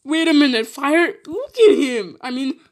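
A woman giving casual gameplay commentary, giggly and excitable, laughing often and chattering with exclamations. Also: high-pitched, a little slow. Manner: chatty, with frequent restarts and exclamations. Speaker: gaming video creator.

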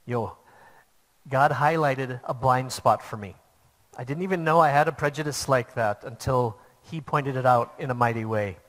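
Male pastor, earnest storytelling sermon, mid-pitched, long hall reverb. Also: a little slow, pauses often.

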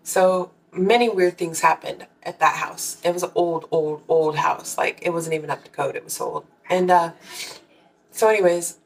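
A woman's voice: fairly low pitch, normal speed, vocal fry, recorded from a distance, low-quality recording. A woman tarot reader telling a personal story to her viewers in a candid, casual way, swearing freely and acting out her own reactions.

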